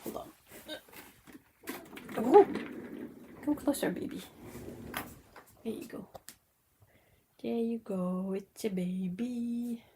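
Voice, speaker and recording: Slow-talking woman chatting with her cats. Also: on the high side, slight background noise, poor audio. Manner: chatty and exclamatory, laughs often; coos softly at her cats. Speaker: livestream host. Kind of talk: casual livestream chat.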